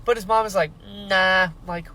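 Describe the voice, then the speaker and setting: A young man hosting a casual book reaction, talking animatedly and acting out the characters in quick quoted voices. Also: sits high, very animated, a bit bright, low-quality recording.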